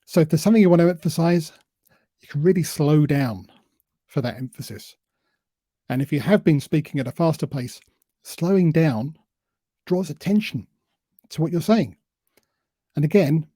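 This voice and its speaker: A man giving a presentation on public speaking, who admits he tends to talk too fast and deliberately varies his pace and emphasis. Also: on the high side, warm tone, breathy edge, no room sound. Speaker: invited speaker.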